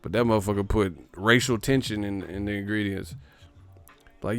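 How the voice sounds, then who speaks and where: A man hosting a livestream, reading super chats and ranting in a casual comedic way, profane and animated, laughing often. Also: on the low side, normal speed, clean tone, dry recording, soft background music.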